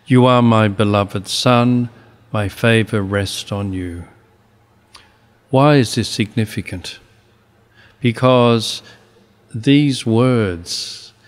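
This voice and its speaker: An older Australian man, a bishop, giving a slow, reflective homily with pauses. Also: lowish voice.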